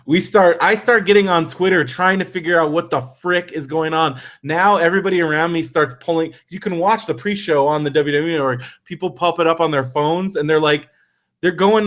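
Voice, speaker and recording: A man hosting a podcast, telling a long story in a casual, animated way, acting out the people he quotes and using lots of fillers and restarts. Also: a little high, fairly quick. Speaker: podcast host.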